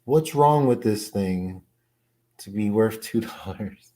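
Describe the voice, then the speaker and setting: Slow-talking low-voiced man, excitable. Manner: excitable, laughs often, slangy. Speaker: comic collector streamer. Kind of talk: casual livestream chat.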